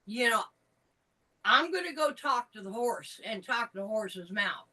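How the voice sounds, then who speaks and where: Slow-talking bright-voiced woman, set back from the mic. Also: on the high side, lively intonation, recorded from a distance, rough recording. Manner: frank, emphatic storyteller. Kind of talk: casual chat.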